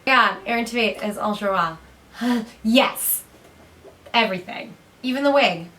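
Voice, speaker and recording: A woman's voice: fairly high pitch, sharp tone. A young woman co-hosting a casual review chat, gushing with enthusiasm. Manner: gushing, enthusiastic, rapid asides. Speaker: co-host of a review show.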